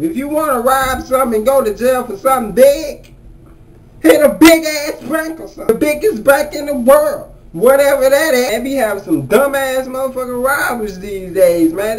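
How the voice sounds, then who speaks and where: High-voiced man ranting profanely. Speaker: comedy vlogger. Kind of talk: comedic rant to camera.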